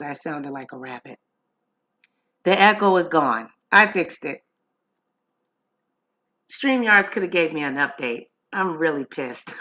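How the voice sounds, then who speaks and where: A woman hosts a livestream and talks straight to her viewers in a relaxed, chatty way. She speaks slowly and unhurriedly. Her voice is bright and forceful. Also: fairly low pitch, dull audio. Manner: chatty, addresses viewers directly. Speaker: livestream host. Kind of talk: casual livestream chat. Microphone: streaming setup.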